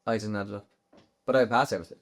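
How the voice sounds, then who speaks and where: A man's voice: fairly low pitch, fairly even intonation, gravelly. A young man from the countryside, a podcast guest telling stories in a rambling, casual way. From rural Ireland. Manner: rapid, rambling storytelling. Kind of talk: casual chat.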